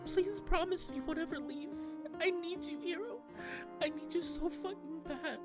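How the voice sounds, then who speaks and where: A woman reading the lines of a distraught, depressed young female student from a game, voiced higher than her own voice and lashing out as she swears. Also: normal speed, over loud music. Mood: pleading.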